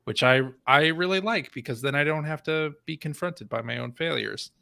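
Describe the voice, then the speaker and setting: A man's voice: fairly high pitch, moderate pace, gravelly, pushed and bright, a little hiss or hum. A man hosting a casual gaming podcast, easygoing and self-deprecating. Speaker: podcast host. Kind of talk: casual chat.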